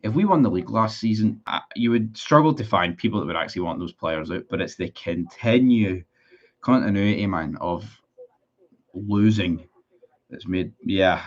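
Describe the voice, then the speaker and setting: A man's voice: low voice, moderate pace, highs cut off. A man in a casual livestream, reading out viewer comments and answering them in a blunt, sweary, sarcastic way. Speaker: football fan streamer.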